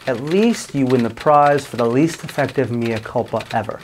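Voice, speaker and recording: A man's voice: mid-range voice, a little slow, a little hiss or hum. A man hosting a comedy show, giving sarcastic, satirical commentary on business news. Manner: sarcastic, with jokey swoops into silly voices.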